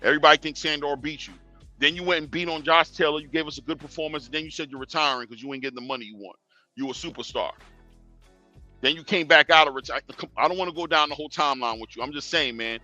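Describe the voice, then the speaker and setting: A man's voice: a little high, fast, bright, forceful tone, soft background music. A young man hosting a boxing talk stream in casual street slang, lecturing fighters directly and chuckling. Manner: slangy, talks straight to fighters, chuckling asides. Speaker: boxing show host.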